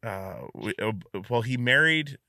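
A man hosting a podcast, chatting and telling stories in an animated way with many fillers. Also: medium pitch, a little slow, no room sound, studio quality. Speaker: podcast host. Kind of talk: casual chat.

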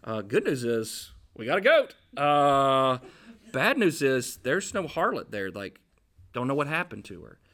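A man's voice: mid-range voice, very animated, unhurried, fairly bright tone. A man voicing a sheepish, hesitant young male servant in a sermon retelling.

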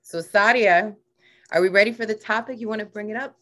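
A woman co-hosting a casual podcast, excitable and laughing often. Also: medium pitch, a little fast. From US Virgin Islands. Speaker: podcast co-host.

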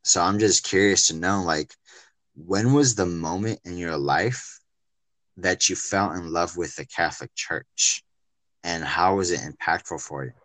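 Male host, very deep, dry close sound, casual. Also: a little slow, fairly bright tone, dry recording. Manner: laid-back, filler-heavy, calls guest "my man". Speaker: interviewer. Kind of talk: casual faith interview.

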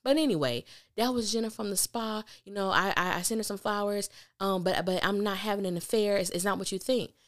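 A woman hosts a podcast, walking listeners through an episode in a loose, chatty recap. She tells it with lively emphasis and blunt slang, her voice sitting at an ordinary middle pitch. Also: fairly quick. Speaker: podcast host.

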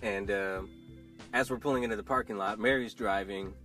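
A man's voice: lowish voice, steady tone, moderate pace, a bit bright, faint music behind. Easygoing man hosting a podcast. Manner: easygoing, self-deprecating storyteller. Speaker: podcast host. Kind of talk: casual chat.

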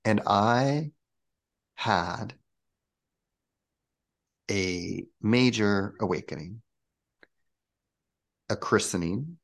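Guy with a gravelly voice chatting about his path as a spiritual coach, animated, acts out the quotes. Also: on the low side, drawn-out words, pauses often. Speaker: guest, spiritual coach and channel. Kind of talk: casual storytelling interview.

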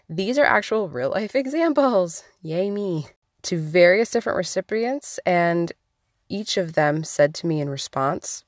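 A woman's voice: lowish voice, lively intonation, a little slow, no room sound, studio quality. A young adult woman hosting a solo podcast, talking candidly with wry asides. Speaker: podcast host.

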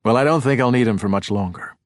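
A stubborn, defensive male forensic expert, as an audiobook narrator voices him, speaking in a measured, matter-of-fact tone at a middling pitch. The sound is dry, with no room echo. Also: close to an everyday voice.

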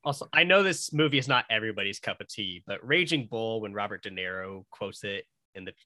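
A man's voice: fairly low pitch, lively intonation, fairly quick, bright, forceful tone, dry recording. A man co-hosting a casual movie podcast, talking thoughtfully about films. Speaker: podcast co-host.

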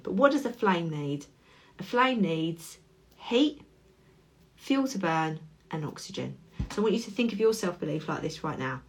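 A woman, hosting a solo podcast in a candid, chatty way, swearing now and then. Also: fairly low pitch. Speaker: podcast host and coach. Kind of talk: casual solo podcast talk.

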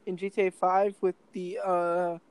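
A man's voice: high voice, level tone, normal speed, a crowd in the background, rough recording. A man chatting casually on a podcast, rambling with many fillers and restarts. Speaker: podcast co-host. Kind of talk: casual chat.

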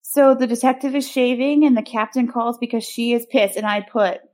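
A woman's voice: a little high, fairly even intonation, moderate pace, dark tone. A woman co-hosting a podcast, recapping a film in casual, sarcastic chat with many ums.

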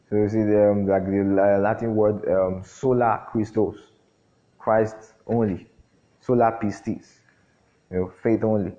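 A man preaching a sermon, often throwing questions at the congregation and filling pauses with "um". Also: on the low side, dark tone. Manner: call-and-response questions, frequent fillers. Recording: dull lo-fi recording.

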